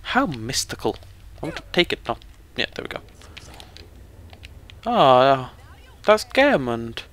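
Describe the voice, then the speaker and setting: A man's voice: medium pitch, sing-song, takes it slowly, fairly bright tone, a little hiss or hum. A young British man giving chatty, joking live commentary over a game he is playing. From Britain. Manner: chatty, joking, talks to the viewers. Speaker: let's play commentator.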